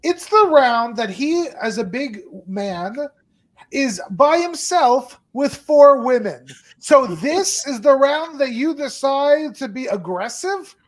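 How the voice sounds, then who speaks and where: A man's voice: very high voice, expressive, slow pace. A man co-hosting a show in casual chat, working out his thoughts as he talks. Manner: thoughtful, working ideas out aloud. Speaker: podcast co-host.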